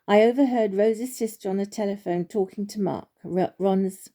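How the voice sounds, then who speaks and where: A woman's voice: mid-range voice, normal speed, natural voice. A woman voicing a wise, kind old male oak tree who speaks kindly but firmly. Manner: kind but firm, gently scolding.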